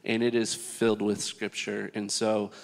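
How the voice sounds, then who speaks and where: A man hosting a church panel in a relaxed, easygoing way, often pausing on fillers. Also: lowish voice, gravelly, long reverb tail. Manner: easygoing, filler-heavy, laughing. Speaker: church host leading a panel.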